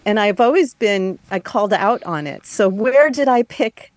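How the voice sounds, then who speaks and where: A woman's voice: medium pitch, expressive, moderate pace, dry recording. A woman with a mid-range voice co-hosts a radio talk show on a dry studio mic. She asks questions and restarts her sentences often.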